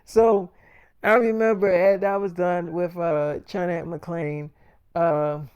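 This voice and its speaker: A man's voice: high voice, flat delivery, slow, a little mellow, clean tone. A young man casually narrating an improvised story in slangy, profane, boastful speech.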